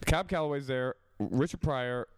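A man hosting a comedy podcast, bantering playfully and throwing in quick jokey guesses. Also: medium pitch, smooth, dry recording. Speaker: podcast host.

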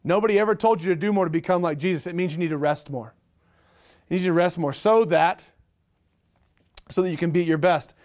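A middle-aged man preaching a sermon, energetic, with rhetorical questions and repeated phrases. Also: high-pitched, fairly quick. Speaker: pastor.

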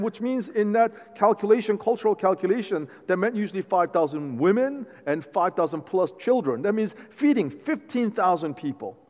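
A man preaching a sermon as pastor, animated and conversational, often restarting his phrases. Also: sits high, brisk, hardly any pauses. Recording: long hall reverb.

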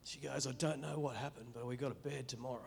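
A middle-aged Australian man giving an earnest, emotional spoken testimony in church, halting and restarting as he speaks. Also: mid-range voice, fairly even intonation, vocal fry, slight background noise.

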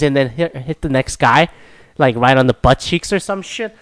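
A man's voice: mid-range voice, a little fast, no room sound. A young man from Korea, hosting a casual solo talk and ranting profanely with self-mocking asides. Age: young adult.

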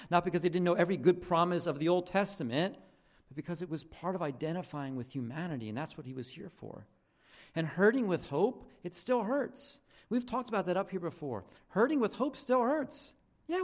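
Animated, high-voiced young male pastor. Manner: conversational, lots of "like" and restarts. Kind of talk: casual sermon.

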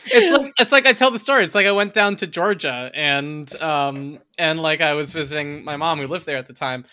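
Low bright-toned woman with wry quips. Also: fairly quick. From Virginia, US. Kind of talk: casual chat.

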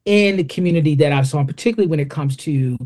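A man's voice: fairly high pitch, quick pace, darkish tone. A man guesting on a podcast, talking candidly in a storytelling way with salty language. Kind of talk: casual interview chat.

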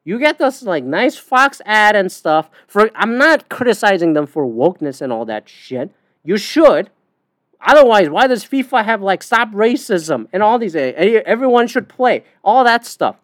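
Her pitch sits in the middle and her delivery is very animated at a moderate pace, with studio-quality audio and no echo. She hosts a podcast, and this is a casual, profane, blunt rant packed with fillers.

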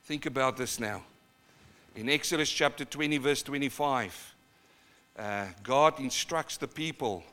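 A pastor with a New Zealand accent, born in South Africa, preaching a live sermon in church and swinging from quiet to loud, dramatic urging. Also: male voice, medium pitch, unhurried. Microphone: live sermon recording.

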